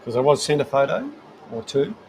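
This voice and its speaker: A middle-aged Australian man with an ordinary medium pitch rambles through an impromptu livestream from his home shed, chatting to viewers while fiddling with his gear. His speech is a little fast, darkish in tone with vocal fry and big pitch swings, full of fillers and restarts. A faint hum sits behind him on the rough recording.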